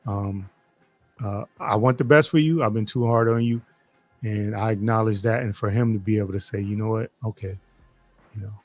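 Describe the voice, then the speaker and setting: A man's voice: on the low side, fairly even intonation, moderate pace, no echo. A middle-aged man hosting a casual live-stream interview, playful and teasing, laughing often as he presses his guest. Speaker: host.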